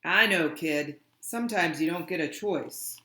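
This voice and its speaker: A tough, weary grown woman gives blunt, clipped answers in a firm, somewhat louder voice , as a reader puts her on in a storybook. Her lines come slowly, each one given room. The reading sounds roomy and echoey. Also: medium pitch. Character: tough, weary adult woman driver from abroad. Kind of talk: audiobook reading.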